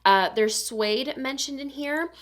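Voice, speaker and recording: A woman reviewing perfumes to camera in a soft, dreamy and descriptive way. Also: sits high, takes it slowly.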